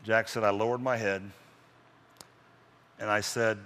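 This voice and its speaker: Male preacher, dramatic storyteller, bright forceful tone, hall reverb. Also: on the low side, flat delivery. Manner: dramatic, slowing and dropping for emphasis. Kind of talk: sermon storytelling. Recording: long reverb in a large hall.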